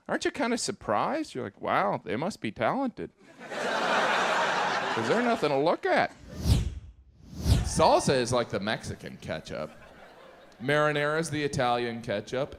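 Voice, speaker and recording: Mock-indignant stand-up comedian, animated. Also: male voice, fairly high pitch, background noise. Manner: incredulous, mock-indignant delivery with acted asides. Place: large theater stage. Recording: reverberant theater with crowd laughter.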